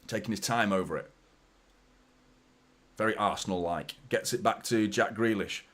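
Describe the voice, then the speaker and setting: Chatty fan host with light Mancunian accent. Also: male voice, lowish voice, moderate pace. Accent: light Mancunian, mostly neutral. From Manchester, England. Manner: chatty, rambling, bursts of excitement at chances. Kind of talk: live match commentary and casual chat.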